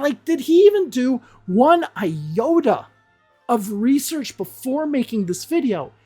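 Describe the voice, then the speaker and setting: A woman's voice: high voice, very animated, unhurried, warm tone, soft background music. A woman English teacher giving casual reaction commentary, blunt and exasperated and swearing freely.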